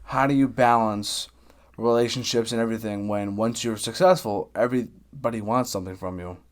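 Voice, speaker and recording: A man hosting a podcast in casual chat, laid-back and enthusiastic, quick to chime in with agreement. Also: on the low side. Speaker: podcast host.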